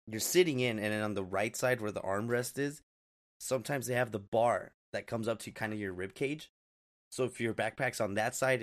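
A man in his twenties co-hosting a casual podcast, telling a funny story in a laid-back, slangy way and laughing through it. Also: medium pitch. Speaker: podcast co-host.

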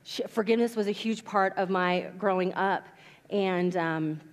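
A woman pastor preaching a sermon in a church, telling stories and acting out quotes with animated delivery. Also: medium pitch, a little slow. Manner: animated storytelling, acts out quotes. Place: church sanctuary. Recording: long reverb of a church hall.

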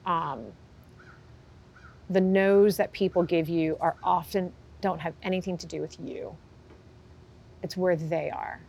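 Low-voiced woman telling a candid story. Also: darkish tone, a little hiss or hum. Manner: candid storytelling, acts out quotes. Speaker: horse trainer, guest. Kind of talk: conversational interview.

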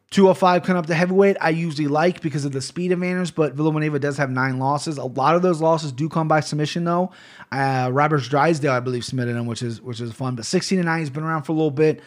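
A man from Ohio hosting a betting podcast, talking casually, rambling, swearing and often correcting himself. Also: on the high side. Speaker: podcast host picking fight bets.

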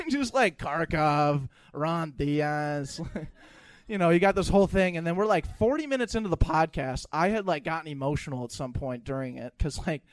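A high-voiced man tells an excitable story at a live podcast show, laughing often and swearing casually. The sound is close and dry, with no roominess. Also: normal speed, no echo. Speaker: podcast co-host.

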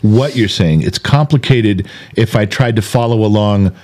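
A man's voice: fairly low pitch, normal speed, darkish tone. A man hosting a candid conversational interview, talking earnestly and emphatically, often repeating himself for weight. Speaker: podcast host.

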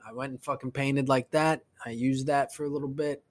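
A man's voice: mid-range voice, brisk, no echo. Profane, ranting male podcast host. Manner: profane, animated storytelling with ranting bursts. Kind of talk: casual solo podcast monologue.

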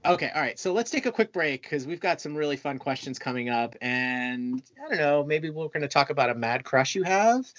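A woman's voice: deep voice, fairly quick, few pauses, dry recording, highs cut off. A woman hosting a podcast, chatting casually and reacting expressively. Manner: expressive, laughs often. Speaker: podcast host.

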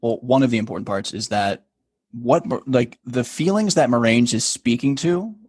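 A man's voice: mid-range voice, normal speed, darkish tone, breathy edge, no room sound. A man co-hosting a casual podcast chat, laying out the plot of a TV episode in a laid-back way. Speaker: podcast co-host.

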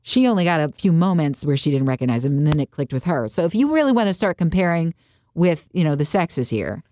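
A woman's voice: deep voice, very animated, brisk, mellow, slight background noise. A woman in casual conversation, retelling a story with animation and acting out the quotes. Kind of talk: casual faith discussion.

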